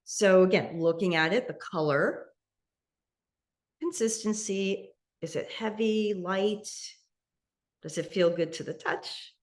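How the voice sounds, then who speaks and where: A woman teaching a slow, guided mindful eating meditation over a video call, speaking gently with occasional soft laughs. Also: mid-range voice. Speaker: meditation instructor.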